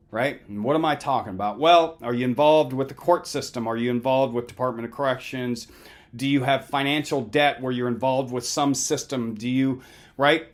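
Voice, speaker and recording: Middle-aged male counselor, emphatic and conversational, keeps asking "right?"; very animated delivery. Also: a little high. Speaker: counselor giving a lecture. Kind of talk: motivational talk.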